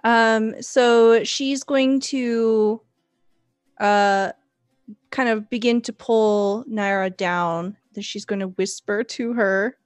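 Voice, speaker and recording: Female player, a bit high, slow, casual. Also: steady tone, smooth, dry recording, faint music behind. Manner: filler-heavy, casual. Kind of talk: describing character actions at a tabletop game.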